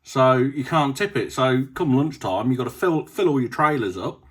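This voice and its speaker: A man's voice: mid-range voice, moderate pace, husky. A young adult man, chatting casually as a farming vlogger and rambling through stories with lots of ums. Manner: rambling, with many ums and a storytelling drift. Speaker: farmer vlogger. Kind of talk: casual vlog chat.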